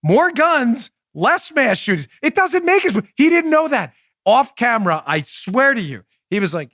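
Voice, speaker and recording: A man's voice: extremely high pitch, big pitch swings, normal speed, fairly bright tone, no echo, clean studio sound. A man hosting a podcast, giving emphatic, sarcastic political commentary and mimicking the people he talks about. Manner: emphatic, sarcastic, puts on voices for others. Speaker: podcast host.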